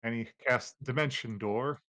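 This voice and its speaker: A man narrates a tabletop game as its game master, relaxed and unhurried, with plenty of fillers. The sound is dry and close to the mic. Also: mid-range voice, dry recording.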